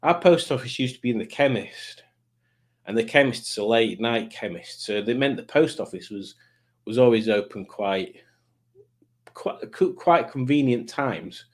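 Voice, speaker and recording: A man's voice: medium pitch, animated, a little slow. A middle-aged British man hosting a live chat stream, rambling, self-mocking and easily sidetracked. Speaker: livestream host.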